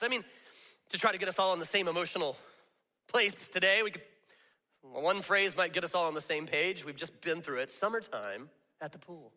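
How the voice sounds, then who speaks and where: A man's voice: high voice, bright, forceful tone. A middle-aged man preaching a sermon in a casual, joking way, acting out the voices he quotes. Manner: conversational and self-deprecating, acts out quoted voices. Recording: long reverb of a large hall.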